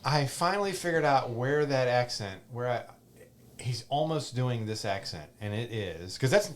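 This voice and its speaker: A man's voice: medium pitch, expressive, moderate pace. A middle-aged man hosting a podcast, chatting casually and joking, often repeating himself. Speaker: podcast host. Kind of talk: casual chat. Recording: faint background noise.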